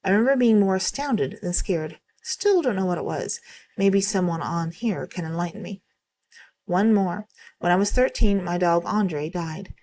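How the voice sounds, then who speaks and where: A woman with a somewhat low voice reading stories aloud for her channel. She keeps a steady, even pace and now and then trips over a word and corrects herself. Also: moderate pace, a little hiss or hum. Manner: steady, even-paced reading with occasional slips.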